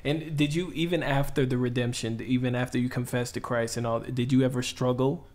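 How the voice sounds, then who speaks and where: A man's voice: mid-range voice, steady tone, a little fast, a little mellow. Man, podcast interviewer, affirming, short amens, plain questions.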